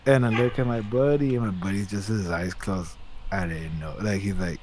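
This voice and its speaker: A man's voice: lowish voice, fairly quick, a little hiss or hum. A man casually telling a long story, rambling and swearing a lot as he gets worked up. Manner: rambling, profane, animated retelling.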